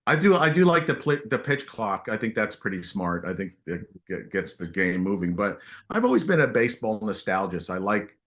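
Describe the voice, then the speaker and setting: A middle-aged man telling stories as a guest in a casual interview, animated and halting with frequent restarts. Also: on the low side. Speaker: guest artist.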